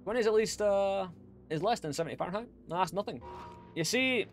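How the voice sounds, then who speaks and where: Rambly english dude chatting over his gameplay, slightly high voice, self-mocking jokes. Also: animated, fairly quick, faint music behind. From England. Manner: rambling, self-deprecating, jokey. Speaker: game streamer. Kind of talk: casual gameplay chat.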